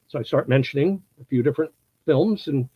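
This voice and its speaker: A man in his sixties from the United States, an actor telling anecdotes in a casual interview, animated and laughing often, acting out what people said. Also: mid-range voice, fairly quick, slightly rough, no echo, highs cut off. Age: 60s. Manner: animated storyteller, acts out quotes, laughs often.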